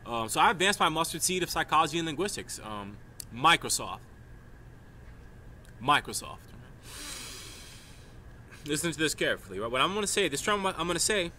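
Casting: man from New York, bright tense voice, rambling emphatic monologue, faint traffic behind. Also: mid-range voice. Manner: stream-of-consciousness, emphatic, repeats "right?". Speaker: vlogger.

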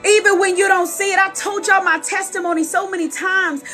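High-voiced woman preaching with fervor. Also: fairly even intonation, fairly quick, bright, forceful tone, faint music behind. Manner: passionate, calls the audience sis and y'all. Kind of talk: sermon on a live stream.

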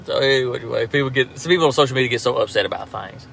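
A man's voice: mid-range voice, a little fast, vocal fry, a bit bright, slight background noise. A man with a Southern US accent chatting casually on a live stream about hunting, in a laid-back drawl full of fillers and laughs. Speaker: turkey hunter and call maker, social media host.

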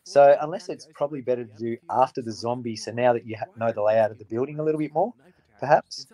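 A man's voice: medium pitch, fast talker, warm tone, rough recording. A man rambling through ideas in a casual chat, thinking aloud.

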